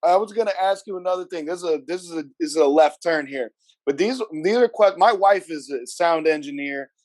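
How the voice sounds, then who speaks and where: A man's voice: a little high, brisk, a little mellow. A man hosting an interview, casually asking questions and stumbling over restarts as he goes. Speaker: podcast host interviewer.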